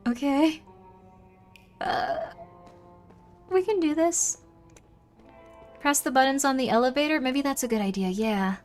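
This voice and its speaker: A woman's voice: high voice, measured pace, long pauses, faint music behind. A young woman streaming a game, chatting casually with her viewers and muttering to herself as she plays. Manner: chatty, reacting aloud to chat and muttering to herself. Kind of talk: casual livestream chat while gaming.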